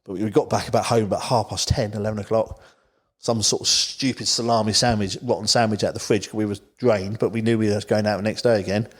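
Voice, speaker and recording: A man's voice: lowish voice, fairly even intonation, quick pace, hardly any pauses, breathy edge. A man from the Isle of Wight, a podcast guest telling a long story in casual, rambling chat. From England, Isle of Wight. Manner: rambling, full of "you know" asides.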